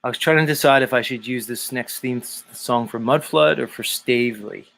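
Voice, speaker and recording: A man's voice: mid-range voice, moderate pace, vocal fry, a bit bright. A man hosting a live stream show, talking casually in a rambling, profane way and chuckling often.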